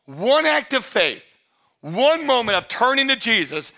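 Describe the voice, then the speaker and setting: Pastor guy preaching, high bright voice, chatty with the crowd then getting loud and fired up. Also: unhurried, vocal fry. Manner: emphatic, rising to shouts of excitement; conversational, addresses the congregation directly. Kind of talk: sermon.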